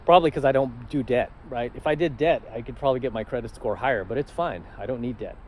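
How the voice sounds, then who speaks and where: A man's voice: medium pitch, fast talker, slight background noise, low-quality recording. Confident, laid-back male vlogger. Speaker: channel host. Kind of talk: casual vlog storytelling.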